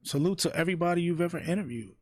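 A man on a casual interview show, telling animated stories and mimicking the people he quotes. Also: a little high, rapid-fire, no room sound. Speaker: interviewer and guest. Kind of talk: casual podcast chat.

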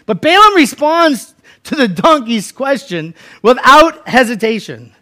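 A man with a high, bright voice preaches a sermon. He tells the scripture story like a casual chat, slipping into the characters' lines as he goes. His delivery stays folksy and conversational. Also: sing-song, normal speed. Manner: storytelling, acting out voices in quotes. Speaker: pastor.

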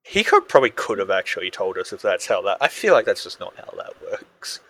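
Male podcast co-host, bright forceful tone, lively swings, playful and sweary. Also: on the low side, a little fast, no room sound. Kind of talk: casual chat.

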